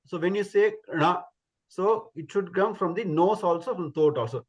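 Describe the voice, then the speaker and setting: A man's voice: sits high, animated, a little slow, lo-fi sound. Patient man teaching pronunciation. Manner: patient, demonstrates sounds by repeating them. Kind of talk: online class instruction.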